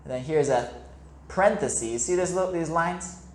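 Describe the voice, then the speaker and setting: A man's voice: fairly high pitch, moderate pace, a little hiss or hum. A man, an English teacher, reads a picture book aloud to young children, explaining words simply and asking them questions. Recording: echoey room.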